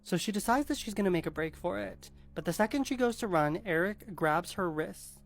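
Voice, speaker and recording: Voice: medium pitch, expressive, a little fast, creaky. A storyteller casually retelling a scary story in a chatty way, with many filler words.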